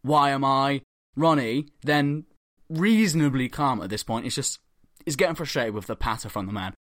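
A young podcast host spins a comic story with lively energy, swearing freely and jumping into voices for the people in it. His voice sits mid-range and the recording is dry and close. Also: mid-range voice, moderate pace, no room sound. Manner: animated, swearing, acting out quotes.

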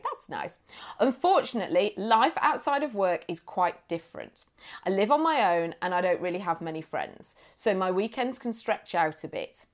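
A woman co-hosting a podcast, bubbly and playful, laughing often while reading listener mail. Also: mid-range voice. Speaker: podcast co-host. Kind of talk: casual chat, reading listener mail aloud.

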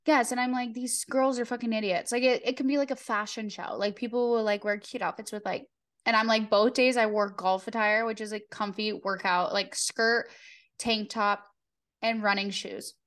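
A woman's voice: a little high, steady tone, moderate pace, a bit bright. Chatty young woman saying "like" constantly. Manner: chatty, filler-heavy, lots of "like", swears casually. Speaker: podcast co-host. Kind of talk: casual chat.

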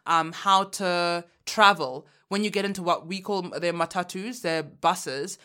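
A woman from Uganda co-hosting a podcast in casual chat, animated and frank, laughing often and using slang. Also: fairly low pitch, measured pace, smooth. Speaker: podcast co-host.

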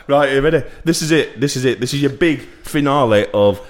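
A man's voice: medium pitch, quick pace, few pauses, soft background music. A man co-hosting a casual podcast from his kitchen, fumbling through joke impressions and breaking into giggles. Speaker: podcast co-host. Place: home kitchen.

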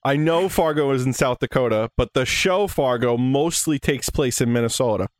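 A man's voice: mid-range voice, normal speed, no echo. A man co-hosting a casual podcast, joking and laughing. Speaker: podcast co-host.

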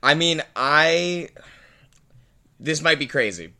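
A man's voice: a little high, animated, slow pace, bright, forceful tone. A man who is a comedian, a guest on a podcast, chatting in a loose, rambling and playful way. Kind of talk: casual comedy podcast chat.

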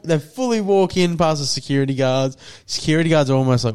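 A man's voice: fairly high pitch, fast, hardly any pauses, clear, resonant tone. A man co-hosting a podcast, telling a story full of swearing and acted quotes in casual chat. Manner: swears often, animated retelling with acted quotes. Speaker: podcast co-host.

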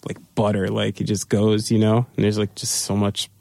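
A man's voice: lowish voice, completely flat delivery, moderate pace, creaky, darkish tone, no room sound. A man, a band's drummer, telling tour stories in a loose, casual way with lots of fillers and swearing. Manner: loose, swearing, laughing storyteller with many fillers. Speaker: band drummer, guest. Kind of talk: casual interview storytelling.

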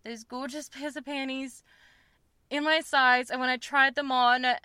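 A woman's voice: high-pitched, level tone, moderate pace, pushed and bright, clean tone, dry recording, studio quality. A young woman, hosting a podcast and talking frankly and rambling about her personal life, with lots of fillers and self-conscious laughs. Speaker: podcast host. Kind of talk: candid personal chat.

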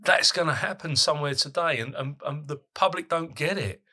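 A man hosts an interview and speaks with passion and emphasis, circling back over his words. His voice is bright and forceful, pitched slightly high for a man. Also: fairly quick. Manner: impassioned, emphatic, repeats himself. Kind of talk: podcast interview.

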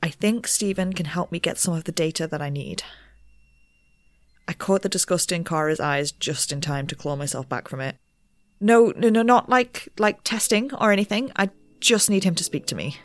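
A woman's voice: on the low side, normal speed, no echo, close to an everyday voice. A woman playing a nervous young researcher who bends the rules and narrates in a rambling, self-deprecating way. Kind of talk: audio drama narration.

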